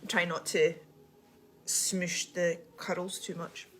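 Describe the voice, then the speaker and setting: A young Scottish woman with a posh accent, chatting quickly and rambling through a casual livestream. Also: on the low side, level tone. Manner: fast, chatty, rambling with many ums. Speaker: livestream host.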